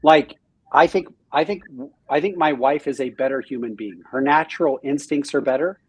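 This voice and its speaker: A man talking as a podcast guest in a casual interview, animated and self-deprecating, often restarting his sentences. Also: mid-range voice, moderate pace, husky. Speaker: real estate team leader, podcast guest.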